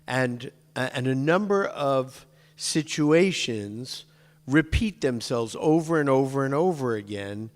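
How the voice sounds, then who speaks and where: Unhurried man teaching in an echoey hall. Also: medium pitch, expressive. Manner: chatty, digressive, jokes with the class. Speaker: synagogue teacher. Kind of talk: informal lecture to a class. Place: synagogue classroom. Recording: long hall reverb.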